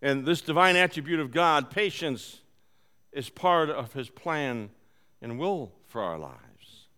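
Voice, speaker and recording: A man preaching a conversational sermon, telling a personal story and moving between soft, quiet stretches and loud, animated bursts. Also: fairly high pitch, takes it slowly, clear, resonant tone. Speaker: pastor. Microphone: live-streamed service.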